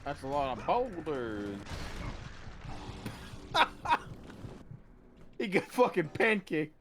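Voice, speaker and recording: Brief: teasing man, slightly high, casual chat away from the mic. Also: sing-song, extremely slow, a bit bright, a little hiss or hum. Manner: playful, teasing.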